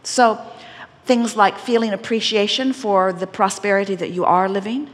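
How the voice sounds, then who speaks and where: A woman giving an inspirational seminar talk to a live audience, speaking as a collective "we" in a deliberate, gently teasing manner. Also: medium pitch, steady tone. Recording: long hall reverb.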